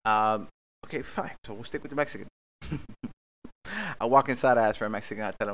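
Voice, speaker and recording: A man's voice: lowish voice, fast talker, pauses often. Rambling, profane male podcast host. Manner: rambling, profane, self-mocking. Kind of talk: casual storytelling chat.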